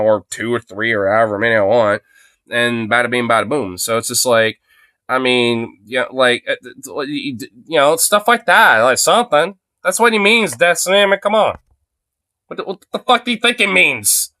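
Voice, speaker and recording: A man's voice: mid-range voice, fairly bright tone, clear, resonant tone, no room sound. A man streaming live commentary, rambling with constant fillers and frequent swearing. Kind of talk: livestream commentary. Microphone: phone.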